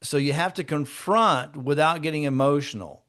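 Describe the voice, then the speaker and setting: A man's voice: fairly high pitch, normal speed, a bit bright. A man who is a real estate broker, leading a training session for a group and teaching through conversational stories from his own deals. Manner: conversational, acts out client dialogue in shifting tones. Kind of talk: instructive storytelling to a group.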